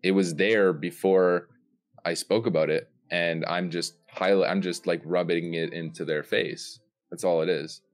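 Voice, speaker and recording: A man's voice: low-pitched, steady tone, measured pace. A man on a voice call, debating in a blunt, laid-back way and swearing a lot. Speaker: guest content creator. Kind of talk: casual heated debate.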